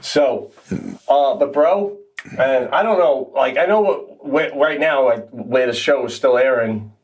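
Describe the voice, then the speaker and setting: A man co-hosts a casual podcast, spinning long stories with a loose, profane, laughing delivery. His voice climbs sharply when he gets excited, and he sits a little back from the mic, so he sounds slightly distant. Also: unhurried. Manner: animated, swears and laughs while telling stories, pitch jumps up when excited. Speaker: podcast co-host. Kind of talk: casual storytelling chat.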